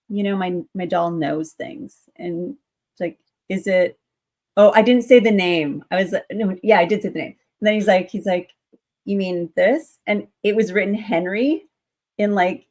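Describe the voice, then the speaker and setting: A young adult woman speaks at a medium pitch, unhurried and a little mellow. She's a guest in an interview, telling a story casually with plenty of fillers and acting out the voices of the people she quotes.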